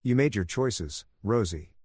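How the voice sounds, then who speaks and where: A betrayed husband who stays eerily calm and controlled as he lays out his threats, as a male narrator reads his lines. The voice is low-set and steady. It is recorded close and dry, with no echo. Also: unhurried, slightly rough. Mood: menacing. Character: cold, vengeful betrayed husband, adult man.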